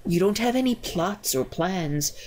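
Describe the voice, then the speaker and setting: Woman putting on a stern black tomcat, low slow firm voice, storybook. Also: animated, a little mellow, slight background noise. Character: stern, knowing male black cat.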